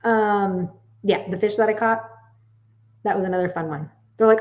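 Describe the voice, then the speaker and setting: An animated woman in her late forties chats casually with her viewers as a psychic medium. She tells stories loosely and swears freely. The recording sounds dull and lo-fi. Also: mid-range voice, normal speed. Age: late 40s.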